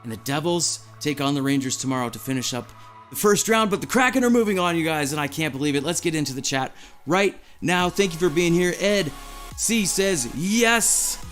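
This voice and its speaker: Excited guy on a live stream, out of breath, reading chat, faint music behind. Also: a little high, moderate pace. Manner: giddy, breathless, reading chat messages aloud.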